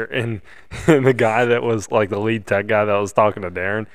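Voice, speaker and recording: A man co-hosting a podcast, reminiscing in a relaxed, friendly way. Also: fairly low pitch, brisk, no room sound, studio quality. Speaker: podcast co-host. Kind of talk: casual chat.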